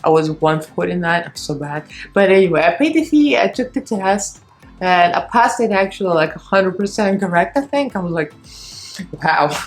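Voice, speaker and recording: Woman, thirties, strained shaky voice, rambling candid chat, soft music underneath. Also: medium pitch, expressive, moderate pace. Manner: rambling, candid, laughs between phrases. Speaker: beauty vlogger and fitness instructor. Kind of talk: chatty get-ready-with-me vlog. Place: home beauty desk.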